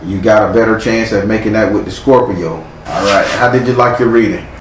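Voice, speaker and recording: This live tarot reading comes from a man whose fairly low voice stays fairly even in intonation and moves briskly as he curses frequently and talks with blunt sternness. It was recorded in an echoey room with faint noise.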